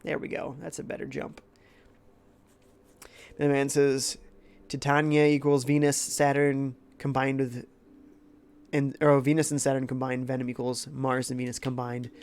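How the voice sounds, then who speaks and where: A man's voice: mid-range voice, little pitch movement, measured pace, creaky, pauses often, darkish tone. A young man with a congested, sick-sounding voice, casually chatting while playing a game and reading out viewer comments. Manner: laid-back, reads chat aloud. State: congested from a cold. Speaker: game streamer.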